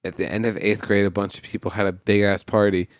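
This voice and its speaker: A man's voice: lowish voice, flat delivery, fast talker, no room sound, clean studio sound. A young man on a podcast, telling a rambling story full of restarts. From New Jersey, US. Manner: rambling storyteller, self-interrupting. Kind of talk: casual chat.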